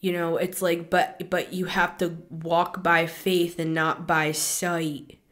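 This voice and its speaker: A woman's voice: on the low side, level tone, slow pace, fairly bright tone. A woman hosting a spiritual reading show, talking earnestly to listeners and repeating words for emphasis, a little out of breath. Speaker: spiritual reader, show host. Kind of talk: intuitive reading monologue.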